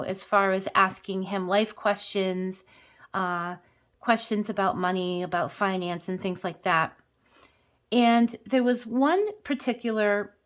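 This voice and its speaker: Chatty woman in her fifties. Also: mid-range voice. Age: 50s. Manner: chatty, earnest, counts bills aloud in quiet rhythm. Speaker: budgeting vlogger. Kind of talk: casual vlog storytelling and cash counting.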